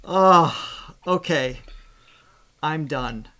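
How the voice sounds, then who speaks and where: A man hosting as a vocal coach in a casual reaction chat over a video call, talkative and quick to laugh. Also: fairly high pitch, bright, forceful tone. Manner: chatty, laughs often.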